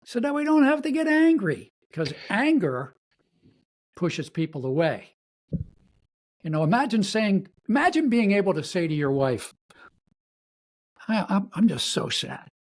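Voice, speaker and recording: A middle-aged man speaks as a guest on a podcast, stopping and restarting his sentences. When he quotes someone, his pitch leaps up into a put-on voice before he drops back to his steady delivery. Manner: halting and repetitive, acts out quoted lines with big pitch jumps. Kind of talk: conversational podcast interview.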